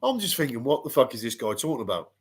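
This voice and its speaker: A man's voice: mid-range voice, sing-song, fast, husky. A middle-aged man, a boxing pundit ranting bluntly and swearing freely in casual panel chat.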